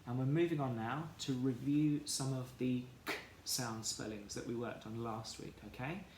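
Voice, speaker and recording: A man teaching a children's phonics lesson, sounding out words slowly and clearly, syllable by syllable. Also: medium pitch, steady tone, darkish tone, slight background noise. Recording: echoey room with faint ambience.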